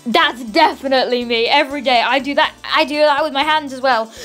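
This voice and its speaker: Young woman let's-play host, very high and bouncy voice, unhurried delivery, soft music underneath. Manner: excitable, squealing and shouting bursts. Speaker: gaming YouTuber.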